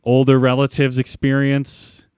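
A man's voice: medium pitch, monotone, measured pace, a little mellow, clear, resonant tone, no echo, studio quality. A man in his thirties co-hosting a podcast in casual chat, hedging a lot and filling his talk with "like". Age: 30s. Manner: hedging, full of "like" fillers. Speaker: podcast co-host.

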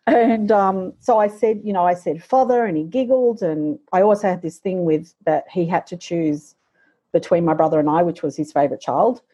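A middle-aged woman, a guest in an interview, tells a personal story with a somewhat low, husky voice and a mellow, soft-edged tone. Her speech is halting and reflective, with frequent pauses and restarts, captured in lo-fi sound.

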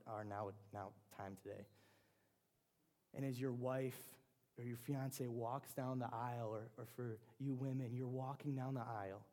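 A man's voice: medium pitch, warm tone. A man preaching a sermon in a conversational way, with frequent restarts and fillers.

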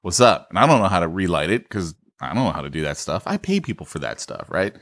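A man's voice: deep voice, big pitch swings, quick pace. A man co-hosting a podcast, telling a story about his own life in casual chat, self-mocking and often laughing. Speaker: podcast co-host.

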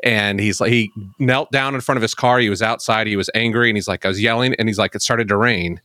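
Low-voiced man retelling a story. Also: steady tone, fast talker, sharp tone, no room sound. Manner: rambling, retells a story with many fillers. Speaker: podcast co-host. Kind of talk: casual storytelling chat.

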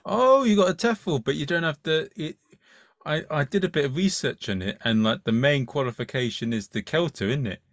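Relaxed man hosting, dry close sound. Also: fairly high pitch, moderate pace, no echo. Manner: easygoing, swears freely. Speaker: podcast host. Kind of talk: casual interview chat.

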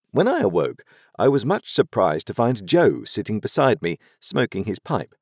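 A man reading a classic novel aloud as an audiobook narrator, in expressive, measured storytelling. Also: on the low side, no echo, studio quality.

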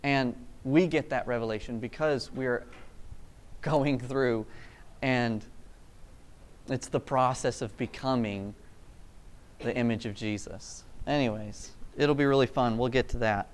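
A man preaching a casual, energetic sermon in a rambling, self-amused way. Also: mid-range voice, a little slow, pauses often. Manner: energetic, rambling, laughs at himself.

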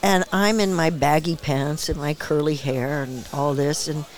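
A woman in her seventies, a guest actress and director, telling stories in a relaxed interview and acting out the voices she quotes, with frequent laughter. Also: deep voice, a little slow. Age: 70s. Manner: lively storyteller who acts out quoted voices, laughs often. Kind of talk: casual interview storytelling. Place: small bar.

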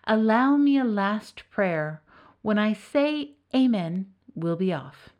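A woman voicing a wily old male tinker in a storybook reading, bright and cheeky. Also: mid-range voice, animated, takes it slowly, muffled recording. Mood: sly. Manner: bright, sly, cheerful.

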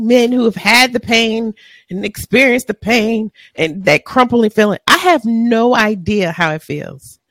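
A woman's voice: on the high side, fairly bright tone, no echo. A woman, co-hosting a podcast, ranting bluntly and with profanity in casual chat. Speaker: podcast co-host.

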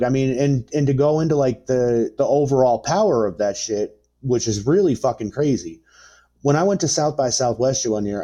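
A man in his thirties telling a story in casual, profane chat, rambling with lots of fillers and getting animated. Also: medium pitch. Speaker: podcast guest.

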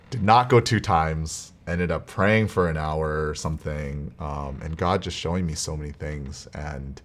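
A man with a very low, deep voice recaps his week in a personal faith vlog. He talks earnestly and a bit preachily, with casual asides and frequent "right?" checks. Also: unhurried, few pauses. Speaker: faith vlogger.

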